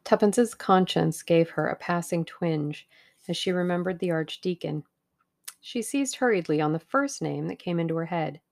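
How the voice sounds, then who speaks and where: A woman narrates a novel aloud, her voice low and gravelly. She reads in a measured storytelling manner, like an audiobook narrator. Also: darkish tone.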